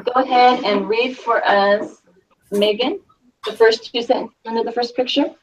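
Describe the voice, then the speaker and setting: A woman's voice: fairly high pitch, fairly even intonation, normal speed. A woman teaching a Spanish class, explaining in a chatty way and checking in with the class with frequent "okay?". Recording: distant, dull lo-fi classroom recording.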